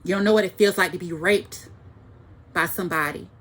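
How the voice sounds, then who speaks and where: A woman's voice: fairly low pitch, brisk, fairly bright tone. A woman giving an angry, profane ranting monologue to the camera, repeating phrases for emphasis.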